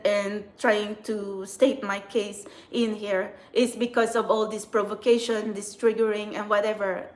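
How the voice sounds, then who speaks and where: Ranting high-voiced woman in an echoey room. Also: a bit bright. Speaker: tarot reader vlogger. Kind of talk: angry ranting monologue.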